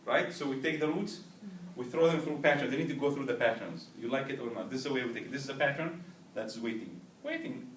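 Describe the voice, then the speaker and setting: A man lecturing a language class talks fast with hardly any pauses, his medium-pitched voice fairly bright. He occasionally has students repeat words aloud and keeps making sure they follow. A far camera picks him up, giving a roomy, distant recording with faint background noise.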